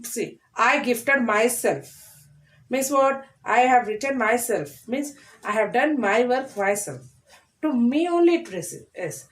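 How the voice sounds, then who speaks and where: A woman's voice: on the high side, lively intonation, takes it slowly, distant mic. A woman teaching a grammar lesson to young children, repeating key phrases and answering her own questions. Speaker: primary school English teacher.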